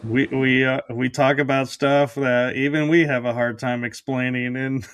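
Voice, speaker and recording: A man's voice: mid-range voice, little pitch movement, moderate pace, fairly bright tone, clear, resonant tone. A man hosting a casual panel chat, often restarting his phrases as he thinks aloud. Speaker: podcast host.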